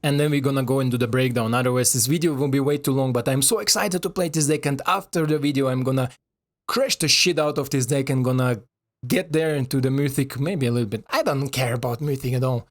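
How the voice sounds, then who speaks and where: A man giving casual, excitable commentary over a card game, swearing and talking to his viewers in non-native English. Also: medium pitch, fast talker.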